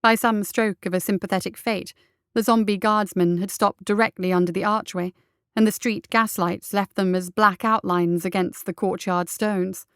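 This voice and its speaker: Female story reader, smooth and steady, dry close-miked narration. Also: medium pitch, moderate pace, no room sound. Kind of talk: audiobook narration of fiction.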